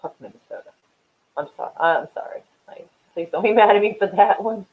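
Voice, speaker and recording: A woman from Oklahoma hosts a loose, foul-mouthed livestream, rambling between topics and chatting with her viewers. Her voice sits in an ordinary middle pitch. The sound is thin and tinny, much like a phone call. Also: fairly quick. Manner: profane, rambling, often laughing at herself. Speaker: livestream host. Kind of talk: casual livestream chat reacting to viewers.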